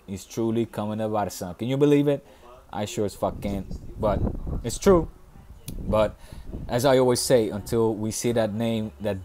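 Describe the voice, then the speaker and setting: A man with a lowish, slightly mellow voice hosts a fan live stream, chatting casually and bantering with chat. He reads viewer questions aloud in a rambling, profane way.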